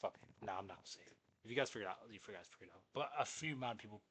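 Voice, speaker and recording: A young man with a husky, breathy voice tells a story in casual vlog fashion. He is animated and profane, and he keeps jumping into side remarks before getting back on track. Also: on the low side, very fast. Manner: animated, profane, jumps between asides. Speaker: vlogger.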